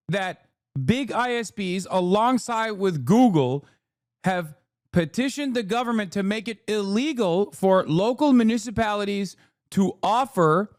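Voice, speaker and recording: A male streamer rants through casual reaction commentary, swearing often and jumping between quick asides. His voice sits a little high for a man, and the recording is close and dry with almost no room sound. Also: no room sound. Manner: profane, ranting, rapid asides.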